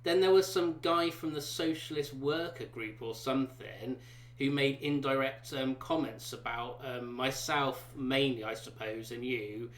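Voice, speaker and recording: A man's voice: mid-range voice, measured pace. A man with a Swindon accent, speaking easygoingly in casual conversation. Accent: English, Swindon. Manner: easygoing, agreeable, with frequent fillers. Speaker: independent election candidate. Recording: roomy echo.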